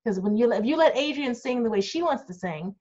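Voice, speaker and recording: A group manager, a middle-aged woman, fields fan questions in a blunt, outspoken Q&A chat over a video call with dull lo-fi sound. She speaks quickly in a slightly high, expressive voice with a darkish tone.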